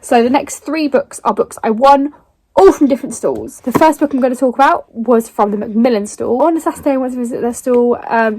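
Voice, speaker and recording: Young woman gushing about her book haul, kinda high voice, dry close mic. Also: breathy edge, no echo. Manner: gushing, excitable. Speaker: book vlogger. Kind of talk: casual haul vlog.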